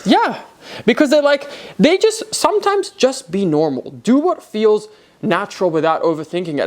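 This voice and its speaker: Animated young Australian man, fairly high voice. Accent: Australian, softened toward American. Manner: animated, rises sharply in pitch when frustrated. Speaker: co-host of a horse channel Q&A. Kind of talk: casual chat.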